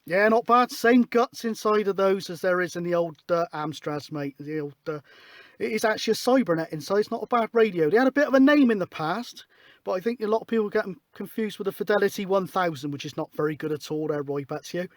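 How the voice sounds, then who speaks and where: A man chatting casually over CB radio as an operator, in a relaxed, chatty way. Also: sits high, fast talker, no echo.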